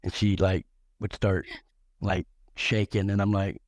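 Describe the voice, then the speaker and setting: A man's voice: low voice, level tone, unhurried, dry recording, clean studio sound. A middle-aged man telling crude, joking stories on a live talk show, rambling along with many restarts and repeated words.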